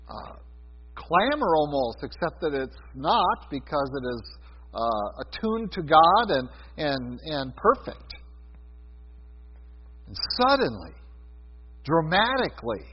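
A man preaching a sermon on prophecy, talking with many fillers, sometimes loud and sometimes soft. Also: on the high side, slightly rough. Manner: conversational teaching with many fillers and swings in loudness. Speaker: Bible teacher. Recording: dull sound with a long hall reverb.

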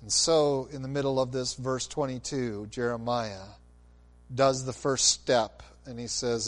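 A man preaching a sermon, expressive, moving between loud emphasis and quiet intensity. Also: mid-range voice, unhurried. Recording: long hall reverb.

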